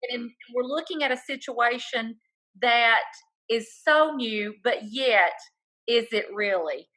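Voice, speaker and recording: A woman's voice: fairly high pitch, takes it slowly, pushed and bright, poor audio. A woman hosting a video call interview, earnest and effusive, stretching out her key words. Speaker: host.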